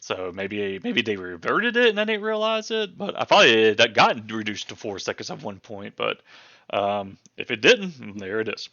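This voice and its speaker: Chatty low-voiced gamer man, rambling. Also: very animated, moderate pace, pushed and bright, no echo, dull audio. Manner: chatty, rambling, lots of ums and uhs; hiccuping now and then. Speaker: gaming channel host. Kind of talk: casual patch-notes commentary.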